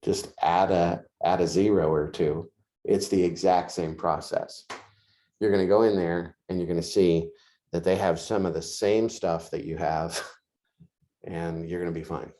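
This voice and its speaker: Office manager, male, lowish voice, slow and warm, folksy and reassuring. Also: fairly even intonation. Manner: folksy and reassuring, laughs often. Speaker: real estate office manager. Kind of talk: team meeting talk.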